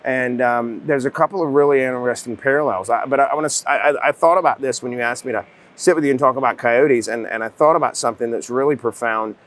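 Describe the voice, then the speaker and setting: A man's voice: medium pitch, fast talker. A middle-aged man from North Georgia with a Southern accent, telling an earnest, folksy story as a guest in a casual conversation. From North Georgia, USA. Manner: earnest, folksy, repeats words as he starts. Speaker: chiropractor and podcast guest.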